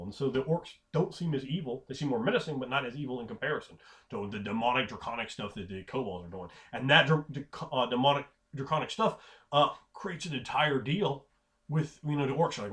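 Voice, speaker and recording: A man giving casual advice on running tabletop games as a game master. He rambles, restarts his sentences and keeps slipping into quick quoted voices. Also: mid-range voice, fairly bright tone.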